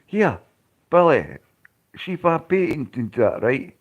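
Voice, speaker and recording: A man's voice: a little high, big pitch swings, takes it slowly. A Scottish man hosting a livestream, chatting loosely with viewers, swearing and laughing as he goes. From Scotland. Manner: rambling, swearing, laughs often. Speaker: livestream host. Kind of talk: casual chat to live viewers.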